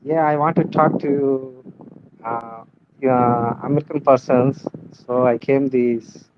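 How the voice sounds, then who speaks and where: Halting male caller on lo-fi line. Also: medium pitch, fairly even intonation, noisy background. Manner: halting, simple learner's English.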